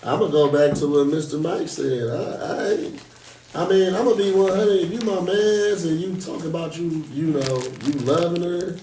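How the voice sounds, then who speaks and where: A man in a podcast panel chat, talking casually with lots of slang and quick asides. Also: a little high, mellow, slight background noise. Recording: echoey room, far from mic.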